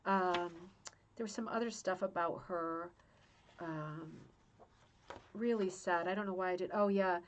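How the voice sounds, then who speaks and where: A woman's voice: lowish voice, fairly even intonation, unhurried, pauses often, highs cut off, noisy background. A woman hosting a casual craft-club video, talking through a book in a chatty, heartfelt way with many restarts. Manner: chatty, emotional, restarts often. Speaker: rug hooking club host.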